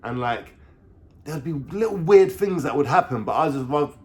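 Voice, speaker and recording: A man's voice: on the high side, expressive, moderate pace. Slangy London man in his thirties. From England. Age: 30s. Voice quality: slangy, swearing, chatty. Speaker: vlogger. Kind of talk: casual storytime monologue.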